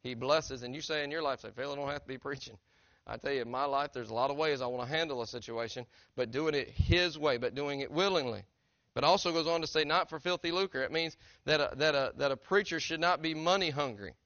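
A man's voice: on the high side, a little fast, fairly bright tone, no echo, highs cut off. A middle-aged man, preaching a sermon as a pastor in a conversational, earnest way that keeps asking his congregation direct questions. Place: church sanctuary.

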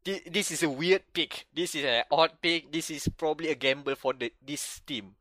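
Bright-voiced animated podcast man. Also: on the high side, normal speed, no echo, studio quality. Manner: animated storytelling with frequent restarts. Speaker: podcast co-host. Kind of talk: casual chat.

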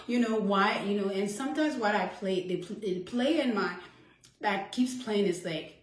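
A woman's voice: mid-range voice, moderate pace. A woman hosting an inspirational talk episode, heartfelt and chatty, laughing often as she encourages listeners. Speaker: host. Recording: roomy echo.

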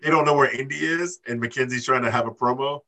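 A man co-hosting a casual wrestling chat, animated and swearing, acting out quotes in high voices. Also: fairly quick, rough recording. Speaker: podcast co-host.

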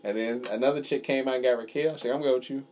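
A man's voice: mid-range voice, fairly even intonation, racing, darkish tone. A young man co-hosting a podcast, telling rambling, profane stories in casual chat. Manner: rambling storyteller, swears freely. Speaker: podcast co-host.

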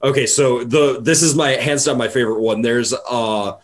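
A man's voice: medium pitch, moderate pace. Co-host, male, loose casual storyteller on a video call, swears a lot, does bits. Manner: excitable storytelling, retells game scenes in silly voices. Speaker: podcast co-host.

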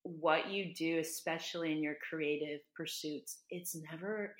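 A woman's voice: low-pitched, steady tone, moderate pace, few pauses, a bit bright. A woman guest on a podcast, a dietitian and author, telling her story in an earnest, heartfelt way with many "like" fillers. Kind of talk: casual podcast conversation. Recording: roomy echo.

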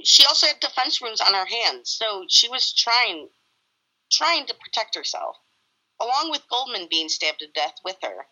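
A woman's voice: a little high, very animated, normal speed, pushed and bright, dull audio. A woman co-hosting a casual true-crime chat, blunt and emphatic.

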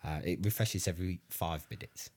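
Husky, deep-voiced man. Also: a little fast, a little mellow. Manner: boastful, rambling, hesitant. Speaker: comic interviewee. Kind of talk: improvised comedy chat.

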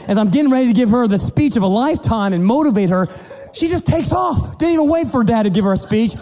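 A middle-aged man preaching as a pastor, telling a family story in an animated, playful way and acting out the voices. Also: very high voice, quick pace. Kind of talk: sermon storytelling. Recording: long hall reverb with faint music.

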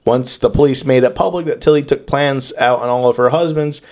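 A man's voice: medium pitch, brisk, a little mellow. A man from New York co-hosting a casual comedy podcast, crude and profane, riffing and joking as he tells the story. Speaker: podcast co-host presenting the case.

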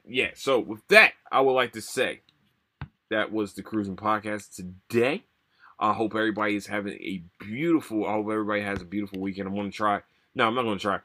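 A young man hosting a solo podcast, rambling and swearing a lot, tired and low on energy. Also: a little fast, pushed and bright. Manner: profane, rambling, repeats himself. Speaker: podcast host. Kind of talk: casual solo podcast rant.

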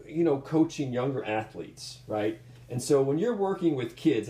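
A man's voice: medium pitch, a little mellow. A man coaching combat sports, telling stories in an earnest, rambling way with frequent restarts. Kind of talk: casual storytelling in conversation. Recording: echoey room.

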